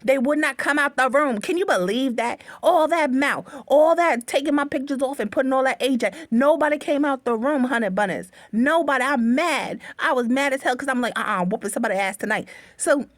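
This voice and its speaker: A woman telling a story from her own life to her viewers, animated and profane, often calling them honey bunnies, speaking into a phone. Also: high-pitched, normal speed, hardly any pauses, no echo. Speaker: livestream host.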